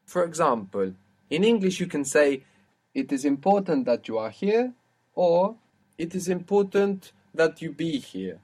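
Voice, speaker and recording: A man's voice: fairly high pitch, big pitch swings, measured pace, a little mellow. A man teaching a language lesson, explaining step by step and prompting his student.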